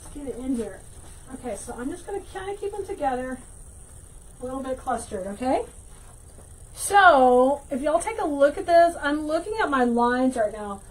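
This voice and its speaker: A woman hosting a casual livestream craft tutorial, chatting with viewers and thinking out loud as she works. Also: high-pitched, expressive, moderate pace, a little hiss or hum, rough recording. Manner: chatty, reads viewer comments aloud, thinks out loud while working. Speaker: wreath-making teacher and livestream host.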